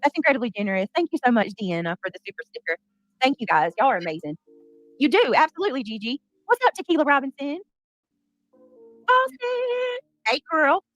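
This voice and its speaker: A high-pitched woman runs a casual livestream, her voice bouncing around a wide range. She chats with her audience and thanks them one by one. The sound is dry, with faint music playing behind her. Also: lively intonation, quick pace, dry recording. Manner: chatty, reads out and thanks viewers. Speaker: livestream host.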